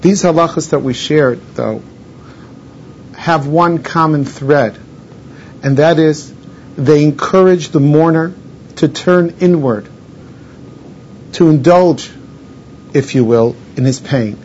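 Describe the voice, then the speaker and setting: A rather high-voiced man gives a religious lesson, stopping to gloss Hebrew terms in plain English. The recording sounds dull and lo-fi, with a faint rumble underneath. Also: takes it slowly, pauses often, darkish tone. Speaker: rabbi teaching a class. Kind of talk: Torah lesson on mourning laws.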